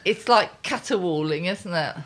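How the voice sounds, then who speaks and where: A woman's voice: fairly low pitch, lively intonation, normal speed. A woman co-hosting a casual chat, a playful and theatrical storyteller. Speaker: co-host.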